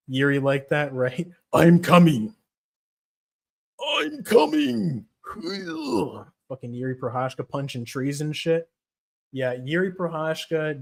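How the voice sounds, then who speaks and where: Casual, profane young male streamer. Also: mid-range voice. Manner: profane, rambling, laughs often. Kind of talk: casual MMA stream chat.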